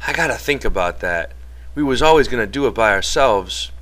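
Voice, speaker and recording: A wary ranch worker describes a dream farm in rough, plain rural speech, as a man reading an audiobook voices him. His voice is bright and guarded. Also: medium pitch, lively intonation, a little fast, natural voice.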